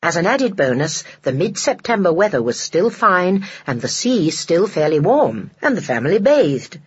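A narrator reading a children's novel aloud in a gentle, measured storytelling manner. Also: medium pitch, very animated, husky, no room sound. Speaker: audiobook narrator. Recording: dull lo-fi dry recording.

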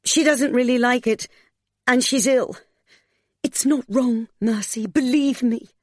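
A desperate older gentleman, urgent and pleading, voiced with little change from the narrator's own tone, as a woman narrator plays him. The recording is dry and close. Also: medium pitch, lively intonation, a little slow, husky, no room sound. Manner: urgent, groaning, intense. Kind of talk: audiobook character voice.

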